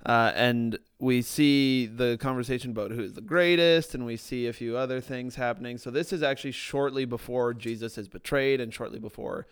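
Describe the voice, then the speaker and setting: Smooth-voiced man discussing scripture. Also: mid-range voice, normal speed, few pauses, dry recording, clean studio sound. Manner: earnest, reads scripture aloud, trails into questions. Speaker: podcast co-host. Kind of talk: casual Bible discussion.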